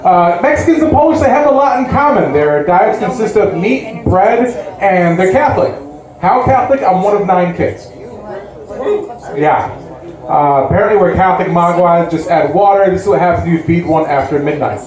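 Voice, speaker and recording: Self-deprecating stand-up comedian, echoey club. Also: male voice, sits high, animated, moderate pace, darkish tone. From West Side Chicago. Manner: self-deprecating, lots of likes and uhs. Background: audience laughter.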